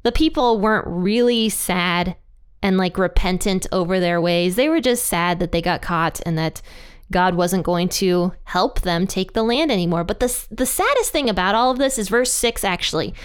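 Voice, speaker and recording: A woman with a smooth, clean, mid-pitched voice leads a casual Bible study. She reads passages aloud and then explains them in a chatty way, laughing lightly at her own asides. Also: expressive, normal speed. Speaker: Bible teacher.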